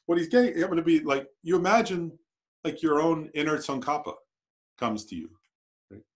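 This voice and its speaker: A man's voice: a little high, expressive, moderate pace. A man teaching a Buddhist class at a meditation center in a conversational way, often checking in with "right?". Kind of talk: dharma class lecture.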